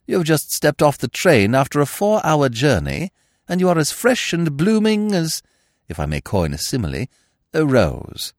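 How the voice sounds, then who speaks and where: A man reading aloud plays a suave, pompous young gentleman who talks in languid, elaborate, mock-solemn phrases. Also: on the high side, wildly swooping pitch, moderate pace, no echo, studio quality, pitched above the performer's own voice. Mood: gallant.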